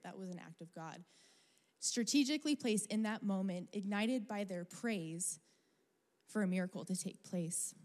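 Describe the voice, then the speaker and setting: A young adult woman preaching a sermon, telling a personal story in a chatty, animated way with casual fillers. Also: medium pitch. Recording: long reverb of a large hall.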